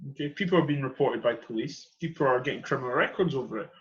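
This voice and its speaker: Talking at a quick pace in a mid-range voice, this young Edinburgh man hosts a podcast as an earnest, passionate monologue. He hammers home his main ideas by emphasizing and repeating them, and the sound is lo-fi.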